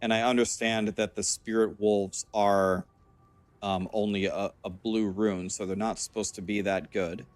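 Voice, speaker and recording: A man commenting on gameplay in an explanatory, measured way, a little hoarse as he says he is losing his voice. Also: lowish voice, fairly even intonation, no room sound. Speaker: game video narrator.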